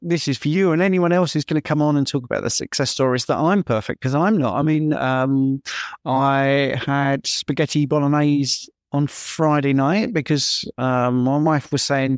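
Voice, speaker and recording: A man's voice: on the high side, moderate pace, no room sound, clean studio sound. A man hosting an interview, chatty and loose, often restarting his questions mid-sentence. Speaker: interview host. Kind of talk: casual interview conversation.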